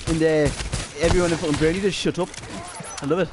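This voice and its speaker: A man's voice: on the high side, steady tone, fast. A man with a Geordie accent streaming a shooter game, rambling through stories, swearing constantly and laughing often. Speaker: gaming streamer. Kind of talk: casual chat while streaming a shooter game.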